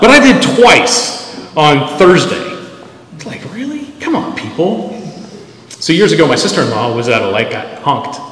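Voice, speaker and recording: A middle-aged male pastor giving a conversational, self-deprecating sermon full of animated stories, recorded in a church. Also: medium pitch, slight background noise. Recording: echoey hall.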